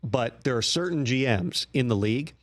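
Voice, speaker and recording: A man guest-hosting a sports talk show, breaking down trade news in a measured, analytical way. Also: mid-range voice, animated. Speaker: guest host.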